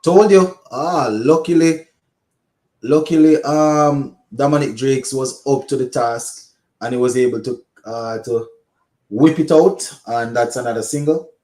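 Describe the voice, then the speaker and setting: A man's voice: medium pitch, a little slow, mellow, echoey room. A man with a Caribbean accent commentating live on a cricket match for a watch-along stream. He laughs a lot and slips into local Creole.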